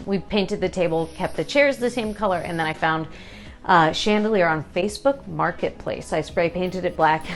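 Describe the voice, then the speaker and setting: Chatty woman telling renovation stories. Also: lowish voice. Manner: chatty and animated, laughing while telling stories. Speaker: home renovation vlogger. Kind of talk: casual chat.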